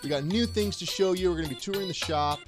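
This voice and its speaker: A man's voice: sits high, fast, soft background music. A man co-hosting a casual livestream, upbeat and reading viewer comments aloud. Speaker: co-host.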